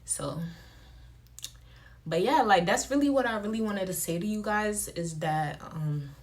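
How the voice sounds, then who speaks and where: A woman's voice: medium pitch, animated, measured pace, slight background noise. A woman vlogger talking casually to her phone camera, rambling with many fillers and restarts.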